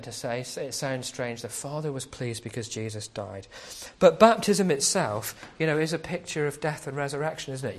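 A man's voice: medium pitch, slight background noise. A man preaching a sermon as a pastor, speaking conversationally and often asking rhetorical questions.

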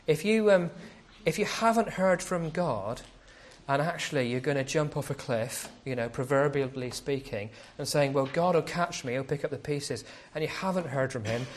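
Conversational male preacher, slightly high voice. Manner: conversational preaching with rhetorical questions. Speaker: pastor. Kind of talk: sermon.

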